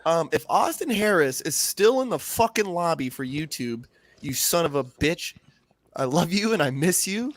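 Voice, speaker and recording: A man's voice: on the high side, sing-song, normal speed, no echo. Dry-voiced man telling stories on a podcast. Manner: profane, rambling, heartfelt storytelling. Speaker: podcast co-host. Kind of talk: casual chat.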